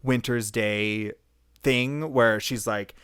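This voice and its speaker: A man's voice: mid-range voice, fairly even intonation, takes it slowly, a bit bright, clear, resonant tone, no echo, clean studio sound. A young man co-hosting a podcast, casually recapping a story in a rambling way, full of "like" and swearing. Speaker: podcast co-host.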